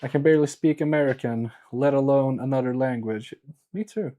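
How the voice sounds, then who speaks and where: A man's voice: mid-range voice, brisk, warm tone, lo-fi sound. A man from Sweden chatting casually with his live chat while repairing electronics, often muttering to himself as he works.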